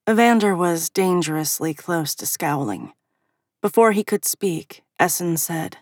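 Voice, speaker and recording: Brief: woman narrator, lowish voice, dry close sound, measured fantasy reading. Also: no room sound. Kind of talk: first-person fantasy audiobook narration.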